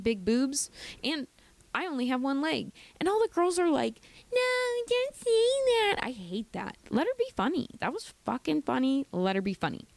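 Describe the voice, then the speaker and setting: A young woman talking through a reality TV recap in a sassy, opinionated way. Her voice has a gravelly fry at the ends of phrases, and she jumps into animated asides. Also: mid-range voice, dry recording. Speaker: recap host.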